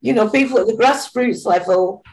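A woman's voice: a little high, normal speed, a little mellow, slight background noise, rough recording. An older woman, a charity founder chatting as a guest on an interview podcast. She is plain-spoken, chatty and laughs often. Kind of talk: casual interview chat.

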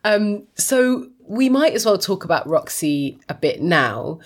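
A woman riffs on a film in casual podcast talk, her pitch swinging widely as she mimics the characters. She is blunt and quick to laugh. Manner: expressive, swears, mimics characters in high voices. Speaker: podcast co-host. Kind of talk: casual film review chat.

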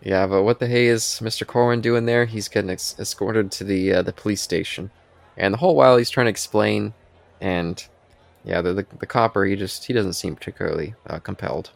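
Gravelly low-voiced man chatting. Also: brisk. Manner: laughs often, retells scenes with quoted lines. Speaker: podcast co-host. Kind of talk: casual chat reviewing a TV episode.

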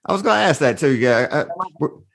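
A man from Arkansas hosting a podcast, asking easygoing, halting questions in casual interview chat. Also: a little high, big pitch swings, vocal fry, a bit bright. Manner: easygoing, laughs along, halting with fillers. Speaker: podcast host.

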